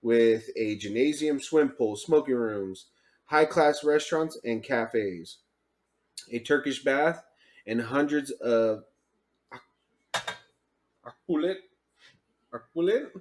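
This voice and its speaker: A man's voice: mid-range voice, takes it slowly. Man stumbling through reading facts. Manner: stumbling reading, joking, laughs often. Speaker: podcast co-host. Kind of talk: casual chat, reading facts aloud.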